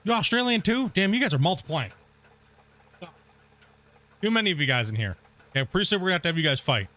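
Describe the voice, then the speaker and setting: A man streams a game, chatting casually and laughing often as he talks straight to viewers in chat. His high voice is sing-song, fast, pushed and bright.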